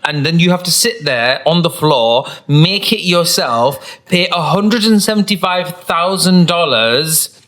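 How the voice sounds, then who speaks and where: A man's voice: a little high, measured pace. A man co-hosting a podcast, ranting sarcastically in casual chat. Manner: sarcastic, mocking, animated. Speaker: podcast co-host.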